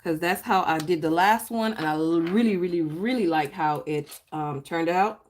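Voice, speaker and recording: Woman host, casual live-stream chat over crafting, greets viewers by name, swoops high when excited. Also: normal speed. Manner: chatty, greets viewers by name, laughs often. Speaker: planner YouTuber hosting a live stream.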